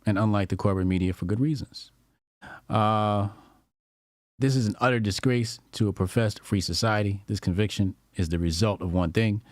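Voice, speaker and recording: A man's voice: low voice, no echo, clean studio sound. A man hosting a live stream, chatting loosely in slang, reading posts aloud and reacting to them. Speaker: livestream host. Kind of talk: casual live commentary.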